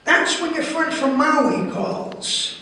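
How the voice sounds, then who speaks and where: A man's voice: very high voice, animated, slow, bright, forceful tone, exaggerated voice. A man doing a wry older stand-up comic. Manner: sardonic, rhythmic build-ups of lists. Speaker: comedian doing an impression at a conference. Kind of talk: stand-up impression. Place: conference hall. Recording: echoey hall, heard from far off.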